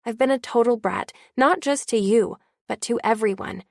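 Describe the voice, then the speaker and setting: A woman's voice: a little high, normal speed, creaky, darkish tone, dry recording, clean studio sound, voice pushed up. A woman voicing an earnest, apologetic teenage girl in an audiobook.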